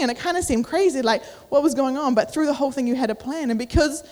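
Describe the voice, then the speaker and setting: A woman's voice: high voice, fast talker, a little mellow. A young woman giving a casual sermon at church, chatty with many fillers, acting out inner voices, a little out of breath. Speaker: youth preacher. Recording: echoey church hall.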